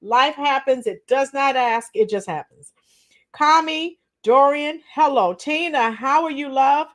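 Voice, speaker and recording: High-voiced woman hosting a casual livestream. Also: measured pace. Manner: chatty, greets viewers warmly by name, frequent throat clearing. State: slightly strained voice after a week of teaching. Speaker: livestream host. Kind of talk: casual live chat with viewers.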